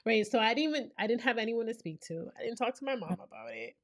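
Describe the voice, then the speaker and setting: A woman's voice: fairly high pitch, fast talker. A young woman from New York hosting a podcast, telling a personal story in casual chat with lots of "like" and "right?". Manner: animated storyteller, frequent "like" and "right?". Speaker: podcast host.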